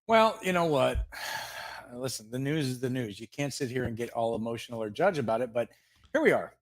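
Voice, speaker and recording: A man's voice: mid-range voice, expressive, normal speed. A man co-hosting a live comedy fake-news segment, rambling through jokes and laughing at his own gags. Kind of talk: mock newscast banter.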